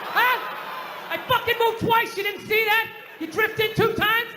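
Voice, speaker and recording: Man doing a shouting New York tough guy, confrontational, high-pitched, echoey hall. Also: unhurried, crowd noise, background noise. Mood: indignant. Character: brash old-school male New York tough guy. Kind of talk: stand-up impression. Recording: echoey hall with long reverb.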